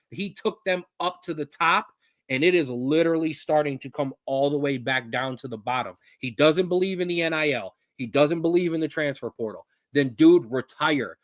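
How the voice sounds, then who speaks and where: A man's voice: fairly high pitch, fairly bright tone, dry recording, clean studio sound. A man co-hosting a casual sports chat show, talking in a fired-up, ranting way. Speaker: co-host.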